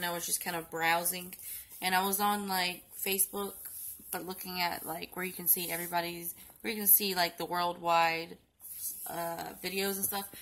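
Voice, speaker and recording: A woman's voice: mid-range voice, pushed and bright, a little hiss or hum, rough recording. Sleepy sick young woman vlogging. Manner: rambling with many fillers and restarts. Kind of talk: casual story time vlog.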